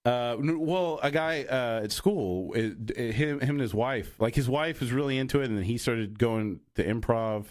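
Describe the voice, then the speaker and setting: A man's voice: medium pitch, moderate pace, hardly any pauses, a little mellow, dry recording. Young man, casual podcast chat, rambling, fillers and restarts, dry close sound. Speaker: podcast co-host.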